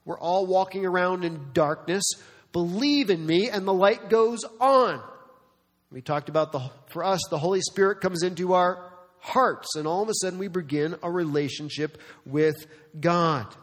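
A man's voice: high voice, normal speed. A man preaching a sermon, emphatic, asking rhetorical questions and acting out the people he quotes. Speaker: pastor. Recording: long hall reverb.

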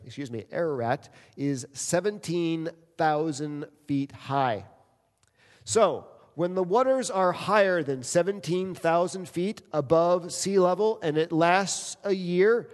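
A man's voice: on the high side, unhurried. A middle-aged man from New Jersey preaching a sermon in a church, joking with the congregation and acting out prayers. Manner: animated preacher, acts out quoted prayers, jokes with congregation. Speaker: pastor. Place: church sanctuary. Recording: long reverb in a large hall.

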